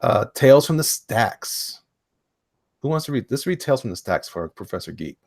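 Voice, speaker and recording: A man hosting a casual online chat about indie comics, excitable and rambling, laughing often. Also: mid-range voice, moderate pace, no room sound, clean studio sound. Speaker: host.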